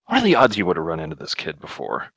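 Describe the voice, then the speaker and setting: A man's voice: sits low, wildly swooping pitch, quick pace, a bit bright, breathy edge, dry recording, rough recording. A young man narrating a tabletop game as game master, rambling along. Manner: rambling, many fillers and restarts.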